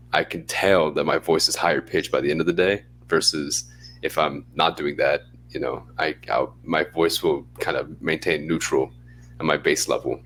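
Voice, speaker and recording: A man co-hosting a podcast, talking in a laid-back, chatty way and now and then acting out a bright phone voice. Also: rumbling low. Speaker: podcast co-host. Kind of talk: casual chat.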